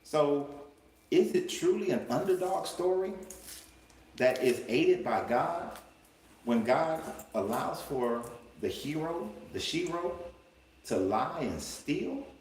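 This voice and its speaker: A man's voice: a little high, sing-song, takes it slowly, darkish tone, distant mic. Emphatic man on a roomy livestream. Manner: emphatic, colloquial, with rhetorical questions. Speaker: life coach and livestream host. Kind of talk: live-streamed Bible commentary. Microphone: livestream setup. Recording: roomy room with faint background noise.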